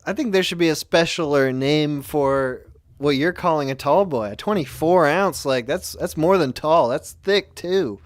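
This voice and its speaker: A man's voice: a little high, normal speed. A man hosting a casual livestream, chatting loosely and swearing now and then. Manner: laid-back, swears casually. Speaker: host.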